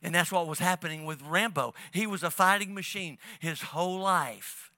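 A man preaching a sermon as pastor, talking to his congregation in a casual, halting way, with many restarts. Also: high-pitched, bright, forceful tone, no echo, studio quality.

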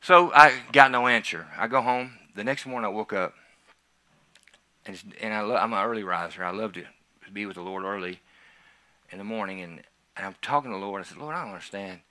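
A man who is a pastor, telling a personal testimony in a sermon, swinging from quiet asides to loud, excited emphasis. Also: lowish voice, fairly quick, long pauses.

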